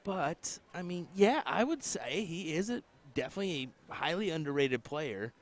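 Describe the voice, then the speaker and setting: A man commenting on a darts match on a live stream, with relaxed, joking banter. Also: a little high, moderate pace. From United States.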